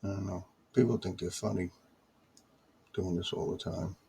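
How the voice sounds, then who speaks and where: A man's voice: sits low, fairly even intonation, normal speed, vocal fry, dark tone, slightly rough. A man from the United States talking straight to camera in a casual, exasperated monologue, grumbling and repeating his complaints. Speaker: vlogger. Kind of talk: casual ranting video monologue.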